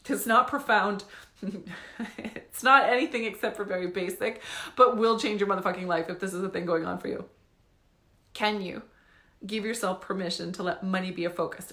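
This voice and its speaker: Bright, brash woman money coach. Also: medium pitch, echoey room. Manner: casual, swearing, laughing, emphatic. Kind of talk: Facebook Live motivational talk.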